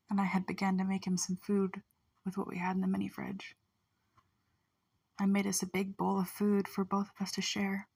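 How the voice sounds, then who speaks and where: A woman telling a rambling first-person story in a slow, drifting way, often dropping into a whisper. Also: medium pitch, completely flat delivery, vocal fry, a little mellow, breathy edge.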